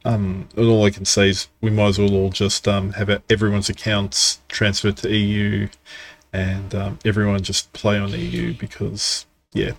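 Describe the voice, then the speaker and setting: A man's voice: fairly low pitch, level tone, moderate pace, slight background noise. A man co-hosting a casual gaming podcast, giving frank, opinionated takes. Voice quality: gravelly, husky. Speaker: podcast co-host.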